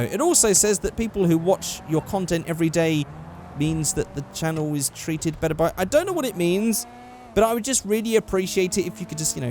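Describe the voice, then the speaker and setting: A man's voice: on the high side, darkish tone, slight background noise. A young man giving rambling, casual gameplay commentary, swearing freely and correcting himself as he goes. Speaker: gaming YouTuber.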